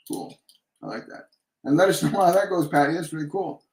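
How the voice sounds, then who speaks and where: A man hosting a live medium Q&A, relaying messages and leading slow guided breathing in a gentle, repetitive way. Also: on the high side, animated. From Canada. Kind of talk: live-stream channeling Q&A. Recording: echoey room.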